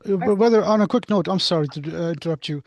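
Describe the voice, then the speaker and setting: A man's voice: sits high, racing, a little mellow, no echo. Eager man student chiming in. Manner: eager, hesitant, chimes in with guesses. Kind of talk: class participation.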